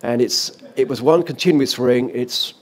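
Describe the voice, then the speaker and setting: Older male former DJ, lively anecdote teller on a panel stage. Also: medium pitch, moderate pace. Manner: animated anecdotal, with laughs and restarts. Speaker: former offshore radio DJ, guest. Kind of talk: storytelling in a panel talk. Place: event stage or hall.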